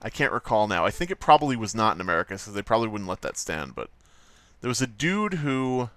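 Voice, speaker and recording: A livestream host draws while chatting casually, rambling, cracking jokes and swearing freely. His voice is on the low side, pushed and bright, with no echo in the recording.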